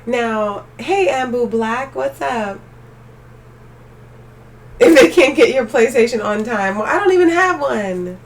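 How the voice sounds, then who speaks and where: A young woman live streaming, chatting casually with her viewers and ranting with animated energy. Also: fairly high pitch, takes it slowly, long pauses, recorded from a distance, slight background noise. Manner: animated ranting, talks straight to chat.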